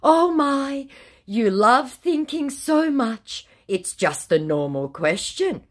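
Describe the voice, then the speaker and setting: A woman reading the chat lines of a male online romance scammer in a slow, gushing, overly formal voice. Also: high voice, very animated, voice pushed up, heavily acted. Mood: defensive.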